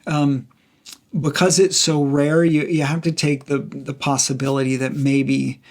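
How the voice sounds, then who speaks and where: A man's voice: medium pitch, level tone, a little slow. A man hosting a Bible study podcast, teaching in a casual, conversational way with frequent fillers and restarts.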